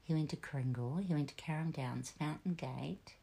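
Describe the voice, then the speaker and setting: A woman's voice: sits low, normal speed, gravelly, warm tone, slight background noise. A middle-aged Australian woman, a mother, chatting casually and telling family stories, acting out what her husband said. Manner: storytelling, quoting her husband, laughing often.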